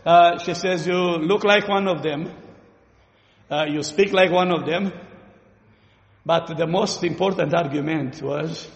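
A man with a Romanian accent preaching a sermon in a church hall, earnest and questioning, pausing with fillers. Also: on the high side, dull audio. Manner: earnest, asks the listeners questions, pauses with fillers. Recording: echoey hall with long reverb.

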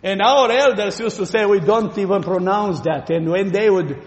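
A man with a Romanian accent preaching a sermon in a church hall, earnest and questioning, pausing with fillers. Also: sits high. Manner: earnest, asks the listeners questions, pauses with fillers. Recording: echoey hall with long reverb.

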